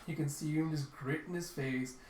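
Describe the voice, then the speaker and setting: A man's voice: fairly high pitch, steady tone, normal speed, a little hiss or hum. Chatty man in an echoey room. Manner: chatty, loose retelling. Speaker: reader. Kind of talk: casual comic readthrough. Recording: roomy echo.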